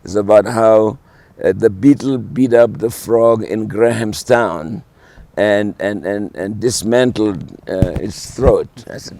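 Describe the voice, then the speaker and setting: Gravelly man in his seventies. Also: fairly low pitch, slow pace, slight background noise. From South Africa. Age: 70s. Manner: animated, full of fillers and restarts. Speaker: guest musician. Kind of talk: casual storytelling.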